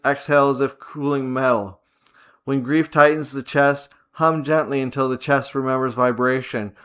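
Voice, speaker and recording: A man teaching a guided visualization, giving slow, measured commands and repeating short phrases like a chant. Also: mid-range voice, fairly bright tone, clear, resonant tone. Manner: slow, repetitive, chant-like incantations. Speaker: spiritual teacher.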